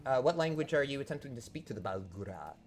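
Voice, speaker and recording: A man's voice: mid-range voice, expressive, fast talker, a little hiss or hum. A man narrating as game master of a tabletop game, rambling with many fillers.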